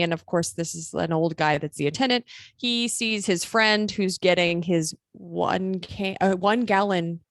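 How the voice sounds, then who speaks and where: A woman's voice: lowish voice, no echo. A woman co-hosting a casual racing podcast, telling a chatty story and laughing easily. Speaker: podcast co-host. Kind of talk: casual chat.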